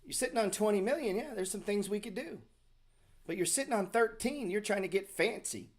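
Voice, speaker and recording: A man's voice: high-pitched, expressive, a little fast. A middle-aged man hosting a casual stock market show, talking bluntly and sarcastically, with profanity and mock self-pity. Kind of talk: casual livestream talk.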